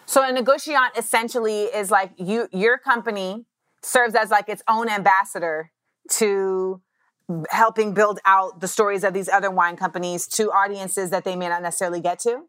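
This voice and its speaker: A woman's voice: mid-range voice, fairly even intonation, normal speed, a bit bright, no room sound. Curious woman host, dry sound. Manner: short, curious questions and brief responses. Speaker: podcast host. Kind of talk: casual interview chat.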